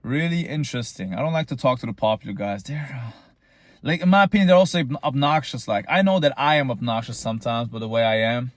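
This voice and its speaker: A man's voice: mid-range voice, fast talker, dry recording, clean studio sound. Boastful young man, rambling. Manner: boastful, rambling, tongue-in-cheek self-praise. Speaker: vlogger. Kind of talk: casual monologue.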